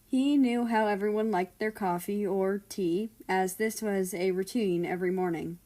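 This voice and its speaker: A woman reading a fan fiction story aloud in a steady, storytelling way. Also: medium pitch, moderate pace. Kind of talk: scripted narration of a fan story.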